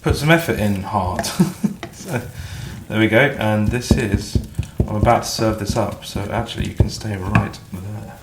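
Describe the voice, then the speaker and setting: A man's voice: fairly low pitch, fairly even intonation, a little slow, heavy background noise. Sweary man in an echoey kitchen. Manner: chatty, sweary, self-deprecating. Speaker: musician vlogger. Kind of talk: casual rambling vlog. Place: home kitchen, cooking. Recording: echoey kitchen with faint clatter.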